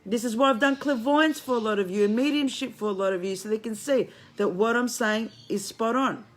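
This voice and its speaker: A woman's voice: fairly high pitch, fairly quick. A woman with Greek roots who lives in Australia, giving a blunt, preachy livestream monologue from home to her viewers, swearing freely and calling them friends. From Greek heritage, living in Australia. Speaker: online spiritual commentator. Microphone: phone.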